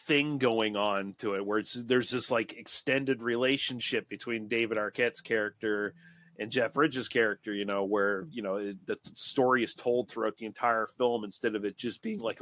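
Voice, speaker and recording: A man's voice: fairly low pitch, a bit bright, no echo. A man co-hosting a podcast, explaining film history in a casual, hedging way. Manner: hedging, explanatory, many fillers like "like" and "you know". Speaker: podcast co-host. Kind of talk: casual movie-discussion chat.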